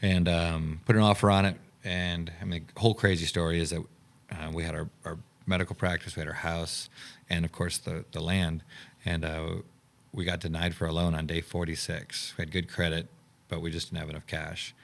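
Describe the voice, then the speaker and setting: A man with a very low voice tells the story behind his camp in an interview. He brings it to life by acting out the conversations he recalls, shifting his voice for each person. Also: brisk, vocal fry. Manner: animated storyteller acting out quoted dialogue. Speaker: camp owner and director.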